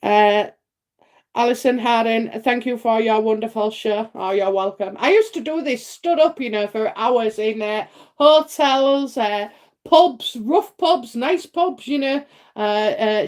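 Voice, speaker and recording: A woman's voice: on the high side, measured pace, a little mellow. A middle-aged British woman doing a casual psychic reading on a live stream, rambling on with lots of fillers and tag questions and laughing often. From United Kingdom.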